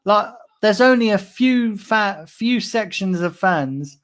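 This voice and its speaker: A man's voice: high voice, expressive, slow, fairly bright tone. A man hosting a fan livestream, ranting angrily and swearing a lot while reading out chat messages. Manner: angry, heavily swearing, repetitive ranting. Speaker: fan channel host.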